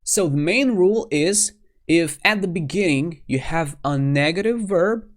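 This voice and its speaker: A male English teacher whose first language is Russian, giving a grammar lesson and acting out short dialogue examples. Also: on the high side. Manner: explains clearly, then acts out short dialogue examples.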